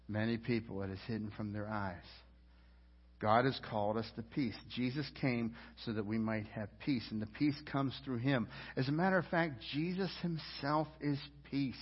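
A husky-voiced man preaches a sermon in a large church hall, his voice sitting a little high. He is earnest and repeats himself, climbing to fervent peaks before dropping low and quiet. The sound is dull and lo-fi, with a long reverb trailing behind every phrase. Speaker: pastor.

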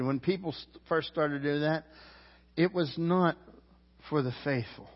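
A man preaching a sermon as pastor, emphatic, swinging from loud climbs to low quiet drops. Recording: roomy church hall, dull lo-fi sound.

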